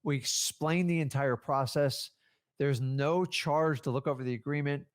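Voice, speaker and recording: A man's voice: on the high side, a little slow. A man giving a casual coaching talk as a real estate trainer, acting out conversations with sellers. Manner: animated, acts out seller conversations.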